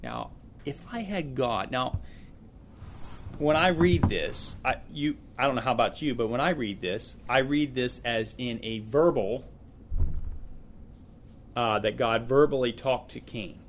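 A man leads a small group through scripture in a relaxed, conversational way. He speaks earnestly at a medium pitch and often doubles back on his words as he works out what he wants to say. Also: measured pace, pauses often, slight background noise. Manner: earnest, repeats words as he thinks aloud. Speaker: Bible study leader. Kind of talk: informal Bible teaching to a small group.

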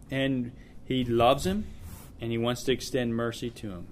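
A man leads a small group through scripture in a relaxed, conversational way. He speaks earnestly at a medium pitch and often doubles back on his words as he works out what he wants to say. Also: normal speed, a little hiss or hum. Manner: earnest, repeats words as he thinks aloud. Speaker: Bible study leader. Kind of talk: informal Bible teaching to a small group.

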